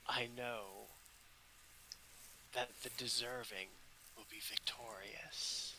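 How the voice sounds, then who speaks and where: A man voicing a coaxing two-headed goddess in a hushed, whispery voice. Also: medium pitch, steady tone, takes it slowly, slight background noise, heavily acted, low-quality recording.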